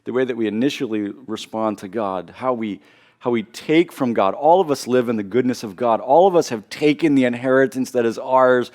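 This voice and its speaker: A man preaching a sermon as pastor, earnest, often repeating and restarting phrases as he builds to loud emphasis. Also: mid-range voice, fairly quick.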